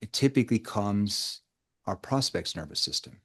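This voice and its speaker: A man's voice: on the low side, lively intonation, normal speed, husky. A man running a live sales coaching session over a video call, who keeps quizzing the group with rhetorical questions. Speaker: sales trainer.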